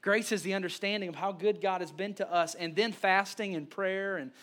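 A man, a pastor preaching a sermon, telling stories with lively restarts and repeated words. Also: sits high. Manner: animated storytelling with quick restarts.

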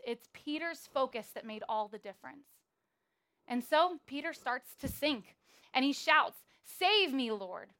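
A woman preaching a sermon in a church, telling a Bible story in a lively, playful way. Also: on the high side.

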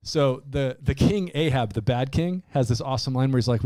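A man in a casual Bible discussion, a lively storyteller who acts out the lines he quotes. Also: medium pitch, normal speed, few pauses, dry recording, studio quality.

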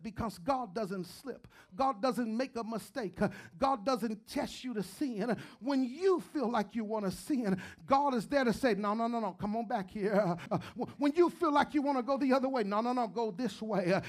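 Slow, fervent preaching man. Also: very high-pitched. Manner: fervent call-and-response preaching, many "uh" and "come on now"; builds from quiet to shouting. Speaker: pastor. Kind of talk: sermon.

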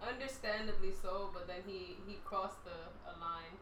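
A woman co-hosting a casual chat, animated and laughing. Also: mid-range voice, moderate pace. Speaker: podcast co-host. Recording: roomy, distant, noisy room mic.

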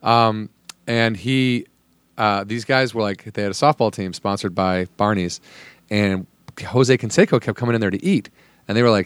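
A man's voice: lowish voice, moderate pace, clean tone, no room sound. A man on a casual podcast telling a long, rambling story full of fillers and laughs.

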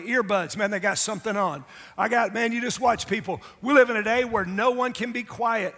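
Middle-aged male pastor, high voice, emphatic sermon delivery, long reverb of a big hall. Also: pushed and bright. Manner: emphatic, calls for audience response.

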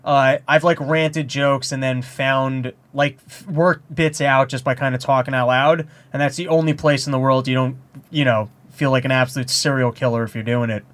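A man, a comedian co-hosting a podcast, chatting casually and telling rambling, animated stories. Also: mid-range voice, moderate pace. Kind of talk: casual chat.

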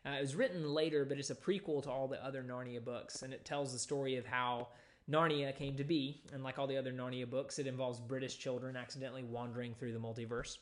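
Male pastor, mid-range voice, relaxed teaching sermon with frequent ums, reads verses aloud. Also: medium pitch, fast. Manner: conversational teaching with frequent fillers, reading scripture aloud.

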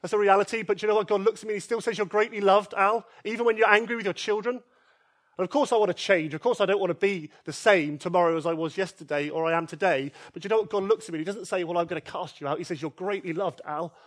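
A man preaching a sermon in church, earnest and emphatic, repeating key phrases and swinging from loud pleas to soft, quiet lines. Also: sits high, fast. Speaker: pastor. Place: church service.

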